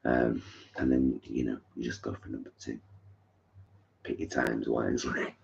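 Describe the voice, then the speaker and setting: A man with a very deep, level voice and vocal fry speaks unhurriedly while co-hosting a live stream from his living room. He chats frankly and reads out viewer comments with plenty of fillers, and the live stream audio is dull and lo-fi.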